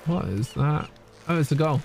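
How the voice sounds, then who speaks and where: A man's voice: on the high side, animated, moderate pace, gravelly, music in the background. A man streaming a video game live, chatting casually with his viewers, swearing and laughing as he plays. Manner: chatty, swearing, laughing, reading chat aloud. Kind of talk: casual gameplay commentary.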